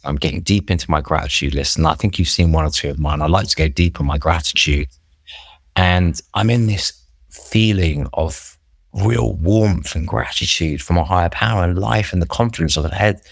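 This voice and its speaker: A man's voice: low voice, no echo, studio quality. A man, a podcast guest, telling his recovery story in an earnest, reflective, rambling way with many restarts.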